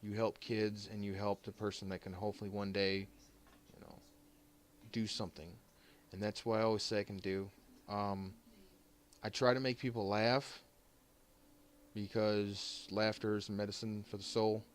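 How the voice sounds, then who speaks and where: A man giving an emotional thank-you to his stream viewers, choked up and halting, restarting his sentences and pausing often as he holds back tears. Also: lowish voice, little pitch movement. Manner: halting and heartfelt, many restarts and pauses.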